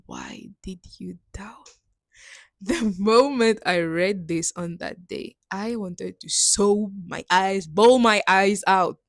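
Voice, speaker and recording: A woman's voice: mid-range voice, no echo. Earnest woman sharing a faith story. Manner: earnest, emotional, laughs between lines. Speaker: missionary sharing testimony. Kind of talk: personal faith testimony.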